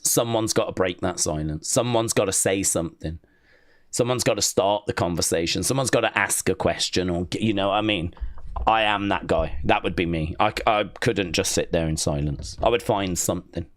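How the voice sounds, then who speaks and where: A man hosting a live watch-along stream, chatting in a rambling, excitable way and reading viewer comments aloud. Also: lowish voice, no echo, studio quality.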